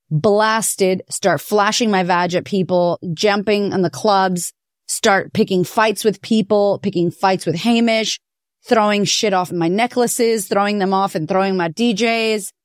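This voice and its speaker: A woman hosting a podcast, telling her own story in a candid, profane, animated way. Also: mid-range voice, takes it slowly, dry recording, studio quality. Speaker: podcast host. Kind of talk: personal confessional monologue.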